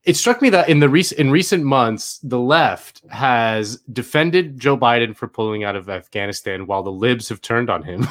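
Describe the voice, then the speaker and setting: A man's voice: mid-range voice, lively intonation, normal speed. A man co-hosting a casual political podcast, rambling and wry, with many fillers. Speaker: podcast co-host.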